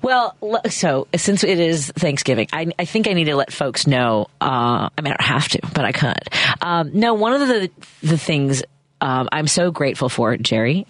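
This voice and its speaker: A woman's voice: sits low, lively intonation, no room sound. Chatty woman hosting talk radio, dry studio sound. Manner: chatty, self-deprecating, quick to laugh. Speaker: radio talk show host. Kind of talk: casual on-air chat. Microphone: studio microphone.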